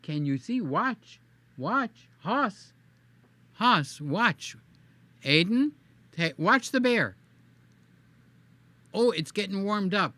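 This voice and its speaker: Bright-voiced animated man hosting a livestream. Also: sits high. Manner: animated, chatty, coos in baby talk and reads viewer comments aloud. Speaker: livestream host. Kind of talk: casual live-stream chat.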